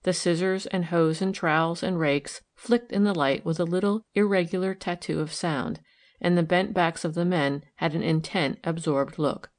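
A woman narrating a novel in an even, measured reading style. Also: on the low side. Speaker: audiobook narrator. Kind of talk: scripted narration.

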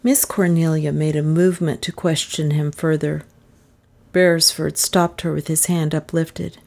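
Woman narrator, low voice, mellow and even. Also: unhurried, gravelly. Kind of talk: audiobook narration.

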